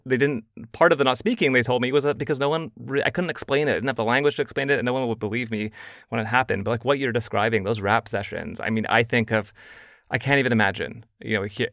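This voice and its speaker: A man, a journalist guest on a podcast, speaking reflectively and haltingly as he searches for words. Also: on the low side, a bit bright, dry recording, studio quality. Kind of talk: podcast interview conversation.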